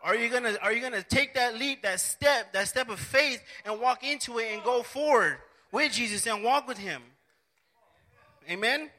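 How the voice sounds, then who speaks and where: A man's voice: very high-pitched, moderate pace, sharp tone. A man preaching a sermon, earnest and repetitive, often restarting his phrases.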